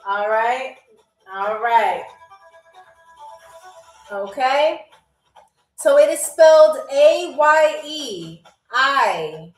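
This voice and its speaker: Female live-stream game show host, high-pitched, unhurried, teasing, echoey room. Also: lively intonation, soft background music. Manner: playful, teasing chat with viewers.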